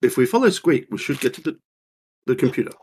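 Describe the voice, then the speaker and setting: Lively flustered male tabletop player. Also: medium pitch, fast talker. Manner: flustered, apologetic. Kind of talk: casual chat at a game table.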